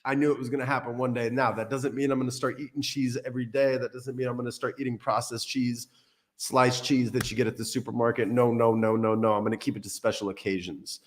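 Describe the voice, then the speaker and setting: A man's voice: mid-range voice, little pitch movement, fast talker. A man hosting a casual livestream, rambling and joking between tech tips, swearing casually. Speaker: crypto livestream host. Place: Portugal.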